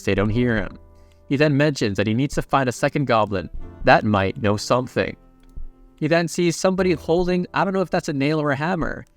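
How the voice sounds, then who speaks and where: A man narrating a comic recap in a casual, offhand way, reading the characters' quotes in his own voice. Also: mid-range voice.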